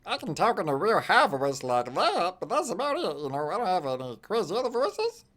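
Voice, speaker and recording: A man putting on a silly, squeaky high voice as a joke during a live stream. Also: huge pitch swings, a little fast, a bit bright, heavily acted. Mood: playful. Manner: mock falsetto, teasing. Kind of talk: joking aside on a live stream.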